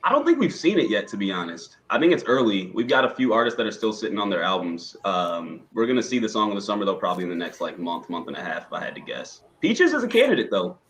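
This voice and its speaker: A man in casual comedic banter, measured and thinking out loud. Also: on the low side, sing-song, low-quality recording. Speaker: panelist.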